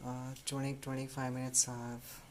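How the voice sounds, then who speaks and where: A man, a bird rescuer, speaking softly and soothingly to an injured baby bird while explaining its care. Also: medium pitch, completely flat delivery, moderate pace. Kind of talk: casual vlog narration. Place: at home, indoors. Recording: noisy home recording.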